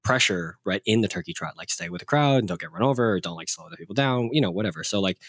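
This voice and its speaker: A man's voice: fairly low pitch, lively intonation, fast, a bit bright, dry recording, clean studio sound. A man co-hosting a podcast in casual chat, thinking aloud and rambling with many fillers. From United States. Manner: thoughtful, rambling, full of fillers. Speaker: podcast co-host.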